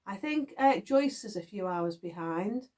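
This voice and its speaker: A woman's voice: mid-range voice, animated, a little slow, a little mellow. A middle-aged woman from the UK, chatting casually and rambling to her viewers, with frequent giggles, recorded in a garden shed. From United Kingdom. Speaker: knitting vlogger.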